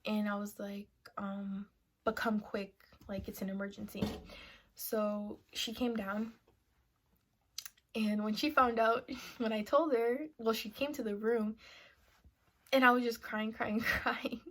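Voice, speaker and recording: A young woman vlogger telling a personal story in a casual sit-down style, filling her talk with "like" and "you know" and sometimes dropping to a hushed half-whisper. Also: on the high side, steady tone, a little slow, pauses often, a little hiss or hum. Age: young adult. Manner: chatty, full of "like" and "you know" fillers. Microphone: camera mic, seated to camera.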